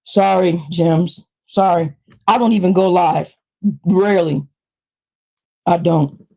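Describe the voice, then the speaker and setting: A woman live streaming, ranting heatedly into a new microphone, swearing a lot and often shouting. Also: lowish voice, slow pace, creaky, poor audio. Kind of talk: angry live-stream rant. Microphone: new desktop microphone.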